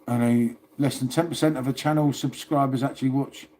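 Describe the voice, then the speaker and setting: A man's voice: medium pitch, fairly even intonation, fairly quick, dark tone, a little hiss or hum. A man hosting a casual livestream, chatting and rambling to viewers and swearing now and then. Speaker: livestream host.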